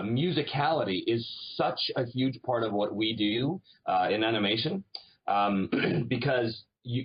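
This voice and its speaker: A man from Canada, a voice actor guest, chatting casually in an interview and telling animated stories. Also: mid-range voice, breathy edge, highs cut off. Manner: animated storyteller, slips into accents.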